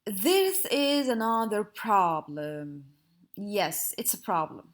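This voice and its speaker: Slow-speaking woman teacher. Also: medium pitch, very animated. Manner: slow, patient, sing-song explaining. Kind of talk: grammar lesson for young pupils.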